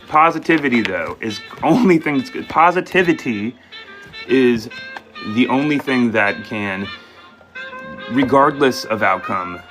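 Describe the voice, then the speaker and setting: A man's voice: medium pitch, a bit bright, poor audio. Rambling man giving a live tarot reading. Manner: rambling, self-correcting, thinks aloud. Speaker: tarot reader and live-stream host.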